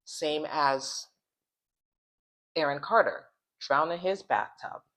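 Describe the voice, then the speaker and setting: A woman hosting a casual commentary vlog, rambling along, repeating phrases and restarting sentences, and slowing down to spell out hard words. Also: low voice, expressive, a bit bright. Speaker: channel host.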